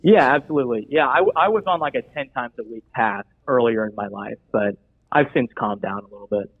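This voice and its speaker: A man's voice: mid-range voice, a little fast. An eager man rambles earnestly through a mock job interview, full of restarts and asides. His voice comes through thin and tinny, like a phone call. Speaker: comedic job applicant guest. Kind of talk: improvised comedy bit.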